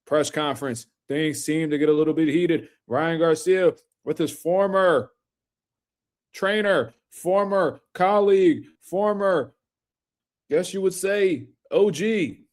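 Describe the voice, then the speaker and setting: A man's voice: a little high, slow. A man hosting a casual boxing livestream, talking loosely in slang and speaking to viewers in the chat.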